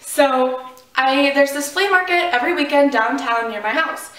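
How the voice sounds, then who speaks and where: Speaking to camera, a Florida vlogger with a high, expressive, fairly bright voice recounts something from her own life at a moderate pace. Her casual, meandering talk is thick with "um" and "like," picked up by a far-off mic in a roomy space.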